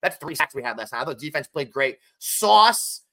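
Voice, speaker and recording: A man co-hosting a casual sports podcast, talking fast and emphatic as he runs through game stats. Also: fairly high pitch, expressive, bright, forceful tone. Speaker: podcast co-host.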